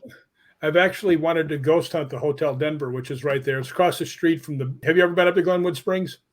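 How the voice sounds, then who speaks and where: A man on a podcast spins lively anecdotes, laughing as he goes. His voice sits a little higher than most men's. He talks in a loose, conversational way. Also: fast talker. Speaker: podcast guest. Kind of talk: casual storytelling chat.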